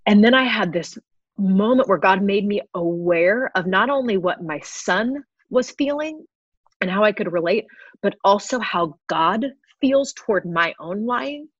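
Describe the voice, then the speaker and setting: A woman's voice: mid-range voice, lively intonation, measured pace, husky, no room sound. A woman in her thirties, a guest sharing an earnest personal testimony with frequent laughs. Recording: slightly dull lo-fi recording.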